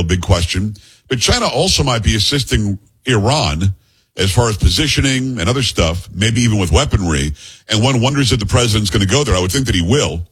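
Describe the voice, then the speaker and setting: Rich: A man with a husky, slightly low voice hosts a talk radio show. He speaks casually and with strong opinions, breaking off now and then to joke with his producer. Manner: chatty, opinionated, joking asides to the producer.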